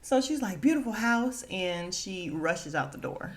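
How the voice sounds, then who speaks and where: This podcast host, a woman with a fairly low voice and a measured pace, gives a lively recap of a TV episode. She voices the characters' lines herself and frequently laughs.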